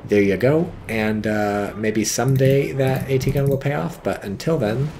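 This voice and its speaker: A man casting a strategy game replay in casual commentary, excitable, swearing freely and exclaiming often. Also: medium pitch, moderate pace, background noise.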